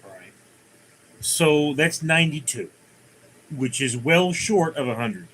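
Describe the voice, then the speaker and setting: A man's voice: fairly high pitch, lively intonation, slow pace, a bit bright, slight background noise, rough recording. A man hosting a casual livestream, rambling through viewer comments and telling jokes. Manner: rambling, many fillers and restarts, tells jokes. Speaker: livestream host.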